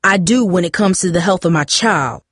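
A woman voicing an angry middle-aged father who shouts and booms during a family fight. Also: moderate pace, breathy edge, dry recording, studio quality. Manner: loud, booming.

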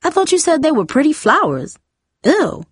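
A woman plays a teasing, playful teenage girl for a storybook, sounding grossed out. She speaks at normal speed in a very animated, high voice pitched above her own. The studio-quality recording has no room sound.

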